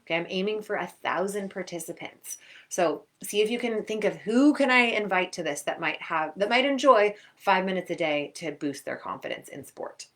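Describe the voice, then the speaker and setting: A young adult woman, a sports performance coach, giving upbeat, chatty advice to young athletes and acting out quick quotes. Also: mid-range voice. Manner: energetic, chatty, acts out quotes. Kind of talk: upbeat coaching talk to camera.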